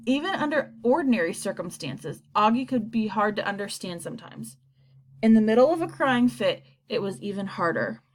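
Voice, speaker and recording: A woman narrating a children's story aloud in an expressive reading voice. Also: mid-range voice, normal speed. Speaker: narrator, audiobook reader.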